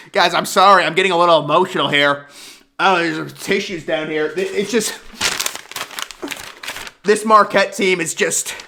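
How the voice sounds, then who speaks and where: A man's voice: high-pitched, fairly bright tone. A young man talking casually through his basketball bracket picks in a playful, hyped-up way. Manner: hyped, jokey self-proclaimed bracket expert. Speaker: sports bracket predictor. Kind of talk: casual sports prediction vlog.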